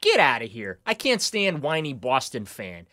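Bright-voiced sarcastic male sports host. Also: medium pitch, wildly swooping pitch, moderate pace. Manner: sarcastic, ranting, dry jabs. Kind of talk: casual sports talk banter.

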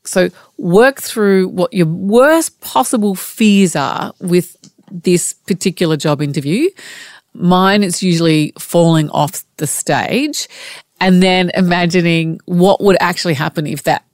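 A woman's voice: lowish voice, a little slow, darkish tone, dry recording, studio quality. A woman co-hosting a podcast, offering upbeat, conversational advice. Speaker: podcast co-host. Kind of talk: encouraging pep talk.

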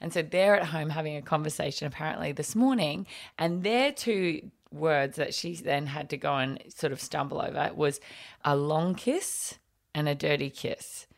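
A woman's voice: low-pitched, normal speed, gravelly. A woman telling a family story in casual chat, laughing often as she goes. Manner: animated, laughs often while telling stories.

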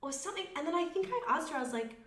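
A woman's voice: sits high, lively intonation, racing, a bit bright, echoey room. A young woman, a comedian co-hosting a podcast, chatting casually and telling stories with frequent laughter. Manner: chatty storyteller, laughs often.

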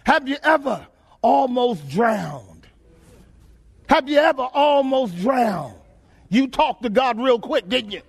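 A male preacher with an unusually high-pitched voice delivers an emphatic sermon. He keeps throwing questions back at the congregation and drives his points home by repeating phrases in rhythm. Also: sing-song, slow pace, creaky, pauses often, breathy edge. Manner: emphatic call-and-response questioning.

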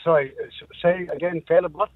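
A New Zealand man in his seventies hurries off a phone call in a brisk, dismissive way. His voice is a little husky and quick. It comes through a thin phone line. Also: a little high, fairly even intonation, dry recording. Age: 70s. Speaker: politician.

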